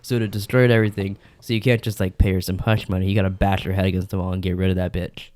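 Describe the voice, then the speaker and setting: A man's voice: low voice, flat delivery, rapid-fire, darkish tone, no room sound. A man hosting a casual podcast chat, rambling and joking with friends. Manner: joking, rambling, does silly voices. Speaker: podcast host.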